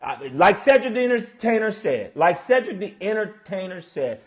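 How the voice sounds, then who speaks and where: A man with a notably high voice delivers a comic rant straight to camera. He talks in slang, hammers his points home and repeats lines for effect. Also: normal speed, hardly any pauses. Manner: emphatic, repeats lines for punch; slangy and animated. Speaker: vlogger.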